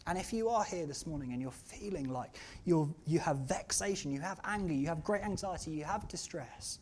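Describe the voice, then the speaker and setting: A preacher giving a sermon in a church, earnest and at times rising to loud, impassioned outcries. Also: medium pitch, expressive, fairly quick, a little hiss or hum.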